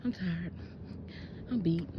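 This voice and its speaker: Young woman, very low voice, rambling casual vlog talk on a phone in a park, clear background noise. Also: takes it slowly, highs cut off. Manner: rambling, repeats herself, drops to a whisper when people pass. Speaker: vlogger. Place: outdoors in a park.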